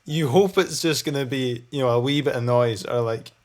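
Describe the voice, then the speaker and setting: A man's voice: mid-range voice, moderate pace, a little mellow. A young man owning up to a school prank in casual chat, laughing at himself. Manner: sheepish, laughing confession. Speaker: podcast co-host.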